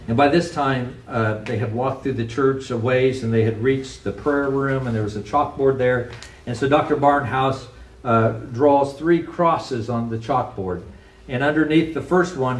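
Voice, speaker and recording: A man's voice: medium pitch, normal speed, slight background noise. A man giving a sermon, telling a story in an earnest, conversational way with frequent restarts. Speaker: pastor. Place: church sanctuary. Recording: roomy echo from a distant mic.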